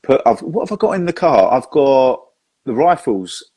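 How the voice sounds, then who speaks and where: With a sing-song, mid-range voice that is mellow and slightly rough, this man talks at normal speed. He's a magician hosting a live, informal conversation full of jokes and stories. Chatty and quick to laugh, he swears occasionally while telling anecdotes.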